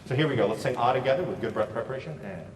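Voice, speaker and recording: A man leading a choir through warm-up exercises, upbeat and encouraging, heard from a distance in a large echoey hall. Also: mid-range voice, a little hiss or hum. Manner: upbeat, encouraging, quick praise. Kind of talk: choral warm-up instruction. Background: choir singing along.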